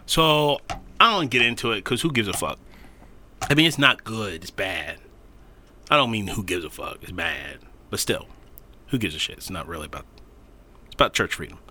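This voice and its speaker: Man, podcast co-host. Lively, swinging pitch and a very bright tone. Casual, profane, acts out the quotes. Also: moderate pace, pauses often, slight background noise. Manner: animated storytelling, swearing, laughing, acting out quotes.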